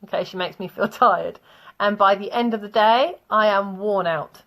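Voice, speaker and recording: A woman's voice: mid-range voice, moderate pace, a bit bright. A woman, teaching vocabulary in a chatty way, often laughing and telling anecdotes. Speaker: English teacher. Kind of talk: online English vocabulary lesson.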